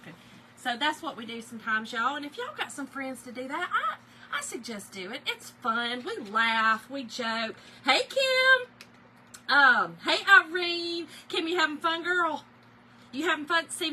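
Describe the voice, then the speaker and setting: Folksy high bright woman. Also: a little hiss or hum, rough recording. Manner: folksy, greets viewers by name in a sing-song lift. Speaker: livestream host. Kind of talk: chatty live stream greeting viewers. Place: home.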